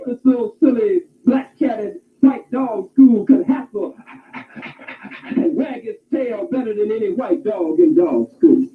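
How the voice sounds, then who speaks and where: A man lecturing with fervor, telling a long animated fable and raising his voice to a shout now and then. His voice sits high, and the sound is squeezed and phone-like, as if from an old tape. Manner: animated storytelling, occasional shouting. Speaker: speaker. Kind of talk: impassioned lecture. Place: campus hall. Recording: tinny phone-like archive recording.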